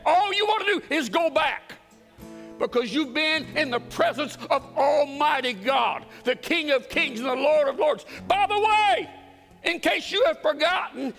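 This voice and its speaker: A man preaching a folksy, earnest sermon in a church, emphatic and sometimes dropping to a hush. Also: very high-pitched, creaky. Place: church sanctuary. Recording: reverberant church hall with soft guitar.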